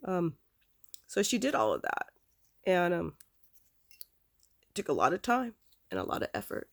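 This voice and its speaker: Middle-aged woman with a creaky, gravelly voice recounting a personal family memory in loose, rambling speech. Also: fairly low pitch, wildly swooping pitch, normal speed. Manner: rambling, repeats "I said" as she recounts dialogue. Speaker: adopted daughter telling her family history. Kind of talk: casual spoken family story.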